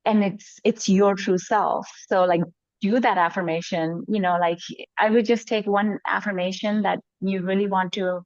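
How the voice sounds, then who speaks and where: A woman's voice: on the low side, no echo. A woman explaining a personal practice in loose, casual conversation, with lots of "like" and "you know". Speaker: group member sharing a practice. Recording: dull, dry lo-fi sound.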